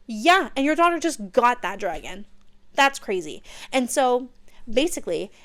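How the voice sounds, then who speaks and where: A young woman hosting a podcast, gushing excitedly through a casual book recap and dropping into hushed whispers for emphasis. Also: fairly high pitch. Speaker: podcast host.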